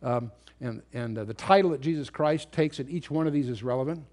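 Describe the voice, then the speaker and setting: A man's voice: mid-range voice, brisk, a little mellow. A man teaching a lecture-style Bible study, explaining point by point and stressing key words. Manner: explanatory, emphatic on key words, some restarts.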